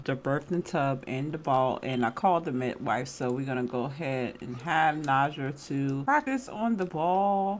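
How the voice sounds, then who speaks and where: A woman's voice: fairly low pitch, slight background noise, poor audio. A woman hosting her game channel, giving casual commentary, laughing a lot and scolding the characters. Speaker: gaming channel host.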